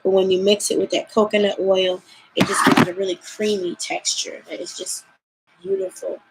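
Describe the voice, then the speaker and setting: A woman's voice: medium pitch, normal speed, vocal fry, very noisy. A young woman vlogger chats casually about skincare late at night, tired and yawning, with many fillers. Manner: relaxed and chatty, with many "um" fillers, and sometimes yawning. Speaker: beauty vlogger. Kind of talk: casual live skincare chat.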